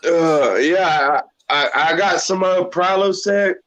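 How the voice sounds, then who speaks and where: A man's voice: on the high side, slow pace, fairly bright tone. A man calling in by video, his mouth burning and eyes teary, groaning and talking through the pain. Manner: groaning, pained, after a hot chip challenge. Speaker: caller on video chat. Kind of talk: live call-in chat. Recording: dull lo-fi video call audio.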